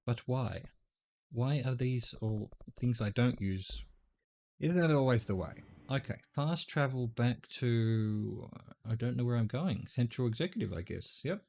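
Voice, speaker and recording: A man's voice: medium pitch, expressive, a little slow, creaky, a little mellow. Middle-aged Australian man streaming games. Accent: Australian, softened. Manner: rambling, self-deprecating, many fillers. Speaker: game streamer. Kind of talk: casual gameplay commentary.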